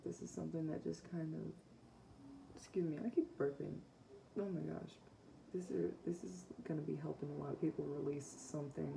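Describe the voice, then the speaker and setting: A woman's voice: sits low, creaky, background noise. A woman giving a casual, rambling psychic tarot reading to her viewers, with many fillers. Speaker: tarot reader.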